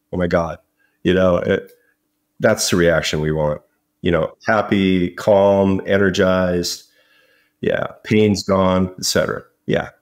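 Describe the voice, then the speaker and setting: Deep-voiced man telling stories. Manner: storytelling, repeats words, casual. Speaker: company founder guest. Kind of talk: conversational interview.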